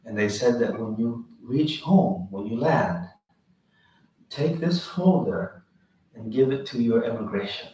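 A man's voice: mid-range voice, unhurried. Man, religious lecture, storytelling, acts out voices, faint background noise. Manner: animated storyteller, acts out quoted voices, chuckles, restarts. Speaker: Islamic teacher. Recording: very echoey room, distant mic, faint noise.

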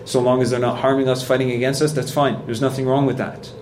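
A man's voice: mid-range voice, level tone, fast talker, darkish tone, slight background noise. A man giving a sermon in a conversational, earnest way, telling stories with acted quotes and repeating points for emphasis. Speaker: preacher.

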